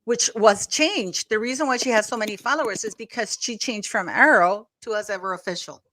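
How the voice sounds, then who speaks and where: A woman's voice: mid-range voice, a little fast, bright, forceful tone, dry recording. A woman hosting a casual livestream, rambling and chatty with many restarts, thanking donors effusively. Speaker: livestream host.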